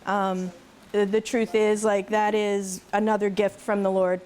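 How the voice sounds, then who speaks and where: A middle-aged woman, a goat farmer and conference speaker, speaks unhurriedly at a medium pitch with little rise and fall and a darkish tone. Chatting casually to her live audience, she tells laughing stories and mixes in mentions of her faith.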